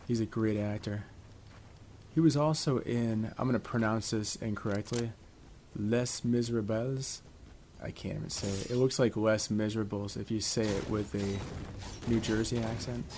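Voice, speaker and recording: A man's voice: fairly low pitch, fairly even intonation, normal speed, darkish tone. A middle-aged man from Connecticut giving chatty, rambling, laid-back commentary while playing a video game. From Connecticut, USA. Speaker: gaming YouTuber. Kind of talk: casual gameplay commentary. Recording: clear background noise.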